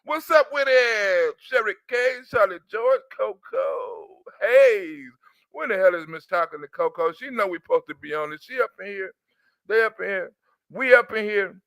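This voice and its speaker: A man hosting his own channel, his voice slightly sore after a cough, talking loosely and crudely in an animated rant to his viewers. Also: high-pitched, moderate pace, vocal fry, no room sound. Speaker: channel host. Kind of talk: casual political rant to viewers.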